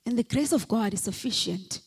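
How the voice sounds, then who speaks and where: A woman's voice: fairly high pitch, expressive, a little fast, slightly rough. A woman pastor preaching a fervent sermon, calling out repeated hallelujahs and leading the congregation in declarations. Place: church hall. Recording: long hall reverb from a church.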